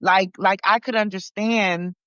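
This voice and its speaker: A woman's voice: medium pitch, steady tone, unhurried, bright, forceful tone, dry recording. A woman from Barbados and New York talking casually, rambling with many fillers and restarts. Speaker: podcast participant. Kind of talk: casual conversation. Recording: dull lo-fi.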